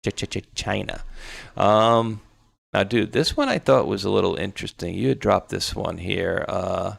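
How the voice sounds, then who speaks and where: An animated man with a fairly low, gravelly voice co-hosts a talk show at a moderate pace, with no room sound. His casual political chat is loose and rambling, full of sarcastic asides.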